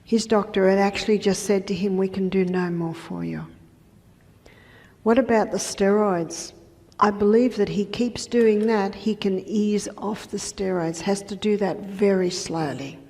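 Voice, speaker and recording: A woman health educator giving a lecture, telling patient stories in a conversational way with soft asides. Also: medium pitch, a little slow. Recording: reverberant lecture hall.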